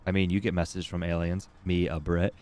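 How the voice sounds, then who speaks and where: A man's voice: low-pitched, completely flat delivery, a little fast, darkish tone. A man streaming a video game, chatting casually in an irreverent, profane, rambling way while coming down with a cold. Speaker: gaming livestreamer. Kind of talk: casual chat while playing.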